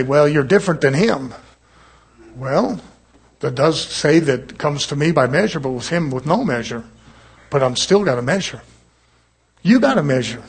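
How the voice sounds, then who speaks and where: A man's voice: a little high, husky. A man preaching a sermon in a folksy, conversational way, chuckling and acting out voices of doubters.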